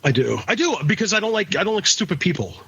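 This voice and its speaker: A man's voice: high-pitched, sing-song, fast talker, gravelly, fairly bright tone, breathy edge. A man from the northern US co-hosting a podcast, ranting in casual, profane chat. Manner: ranting, heavy swearing. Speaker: podcast co-host. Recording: dull lo-fi podcast audio.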